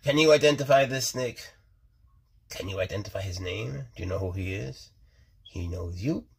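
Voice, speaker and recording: A laid-back man keeping snakes, chatting casually to the camera and talking softly and coaxingly to his animals. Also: fairly low pitch, lively intonation, moderate pace, gravelly, slightly rough. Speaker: snake keeper.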